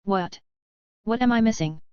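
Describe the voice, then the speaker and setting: A woman's voice: mid-range voice, moderate pace, warm tone, clear, resonant tone, no echo, lo-fi sound, close to an everyday voice. A woman voicing a loyal, hot-headed male guard who speaks urgently and disapprovingly.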